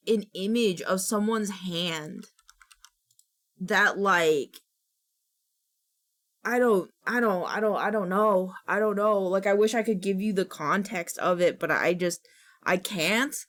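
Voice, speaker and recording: A woman's voice: mid-range voice, fairly bright tone. A young adult woman streamer in casual live-stream chat, dramatic, breaking into shrieks and groans and restarting her sentences.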